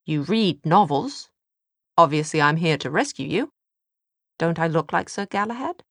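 A woman's voice: sits low, expressive, normal speed, fairly bright tone, dry recording, full character voice. A woman voicing a cheerful, flippant young British man with a dry, mocking manner, read from a novel. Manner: teasing, dryly mocking.

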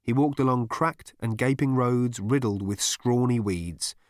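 A man giving an expressive storybook narration with a wry, animated, theatrical delivery. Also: medium pitch, a little slow, dry recording, studio quality. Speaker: audiobook narrator.

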